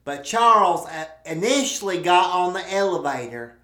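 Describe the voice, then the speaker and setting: A woman's voice: fairly low pitch, lively intonation, moderate pace, bright, forceful tone. A woman hosting a podcast, telling a crude comic story full of swearing and rambling asides. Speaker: podcast host. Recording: roomy echo.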